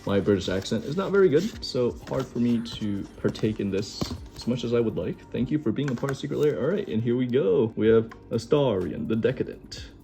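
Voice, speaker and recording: A young man casually chatting as he hosts a card unboxing, relaxed and enthusiastic. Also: medium pitch, a little fast, creaky, hardly any pauses, soft background music. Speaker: card-opening host.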